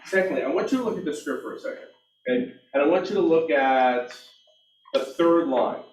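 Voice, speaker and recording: A man's voice: fairly high pitch, a little fast. A middle-aged man leading a real estate team meeting, telling stories and acting out conversations. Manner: animated storytelling, acts out dialogue, self-mocking. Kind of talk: team meeting training talk. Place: meeting room. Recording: echoey room, distant mic.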